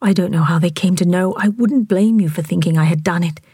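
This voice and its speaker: A woman's voice: fairly low pitch, a little fast, mellow, dry recording, clean studio sound. A woman reading in a whisper, voicing a guilt-stricken sixteen-year-old boy who speaks earnestly. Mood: wretched. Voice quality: breathy. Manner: pleading, wretched whisper.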